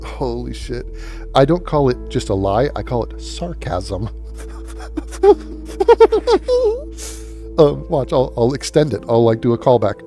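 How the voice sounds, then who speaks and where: Snarky guy ranting and cussing, warm mellow voice. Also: mid-range voice, huge pitch swings, slow, pauses often, soft background music. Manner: sarcastic, scornful, swears a lot. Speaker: commentary YouTuber. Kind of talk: profane reaction commentary.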